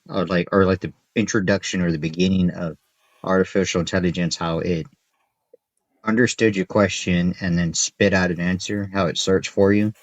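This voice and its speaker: A man in his thirties with a low voice spins animated, cussing stories while co-hosting a casual podcast. The sound is close and dry. It is also a touch dull and lo-fi. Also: dry recording. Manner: animated storyteller, profane, acts out kids' voices. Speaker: podcast co-host. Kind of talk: casual chat. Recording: dull, slightly lo-fi podcast audio.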